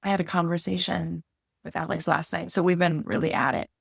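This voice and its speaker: A woman's voice: on the low side, steady tone, brisk, vocal fry, breathy edge, no echo, clean studio sound. A woman co-hosting a podcast in casual, heartfelt chat, talking candidly and openly emotional, often searching for words. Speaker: podcast co-host.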